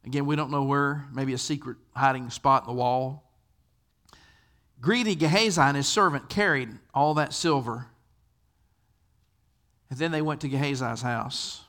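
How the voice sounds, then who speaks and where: A man's voice: mid-range voice, moderate pace, long pauses, fairly bright tone. An older man preaching a sermon, telling stories in a conversational way and asking his listeners questions. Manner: conversational storyteller, asks the audience questions. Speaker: pastor.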